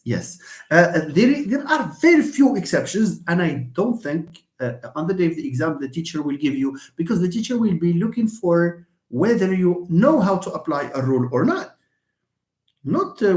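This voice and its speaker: A man leads a live English pronunciation lesson, his voice rising and falling in animated swings as he patiently repeats example words. His tone sits a little higher than most men's. The sound carries the echo of a roomy space. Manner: explains patiently, repeats words, switches between English, French and Darija. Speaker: English teacher. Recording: echoey room.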